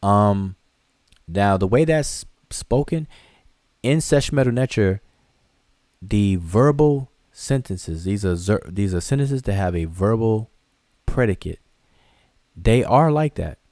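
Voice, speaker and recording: Deep, mellow-voiced man teaching a class. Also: animated, slow pace, pauses often, dry recording, studio quality. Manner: loose, conversational explaining with frequent restarts and fillers. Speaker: hieroglyphics teacher. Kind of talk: live online class answering viewer questions.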